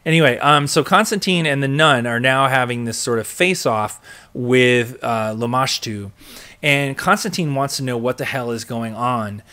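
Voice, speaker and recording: A man's voice: mid-range voice, moderate pace. Chatty man recapping a TV episode. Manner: chatty, many fillers, excitable. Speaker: podcast host.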